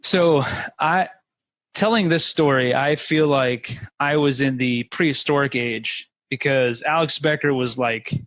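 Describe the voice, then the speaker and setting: A man's voice: mid-range voice, a little slow, a bit bright, dry recording, low-quality recording. A man, a guest, telling a story in casual conversation, rambling with lots of fillers.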